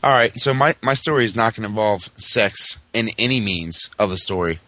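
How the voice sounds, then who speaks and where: Low-voiced guy from massachusetts, podcast host, swearing his way through a brag story. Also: lively intonation, normal speed, bright, forceful tone, dry recording. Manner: profane, boastful storytelling.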